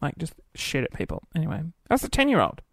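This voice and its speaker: A young man hosting a podcast in casual solo chat, camp and flamboyant, running off into quick asides. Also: fairly high pitch, huge pitch swings, vocal fry, a bit bright, no echo, studio quality. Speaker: podcast host.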